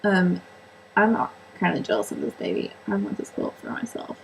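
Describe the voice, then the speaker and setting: A woman's voice: on the low side, huge pitch swings, normal speed, gravelly, a little hiss or hum, low-quality recording. A woman chatting casually on her own vlog about sewing and books, rambling and joking at her own expense with lots of fillers. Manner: chatty, rambling, self-mocking, many fillers. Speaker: book and sewing vlogger. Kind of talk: casual solo vlog chat.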